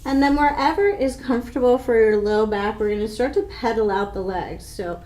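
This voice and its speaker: A woman guiding a yoga class with slow, calm, soothing instructions. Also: a little high, echoey room.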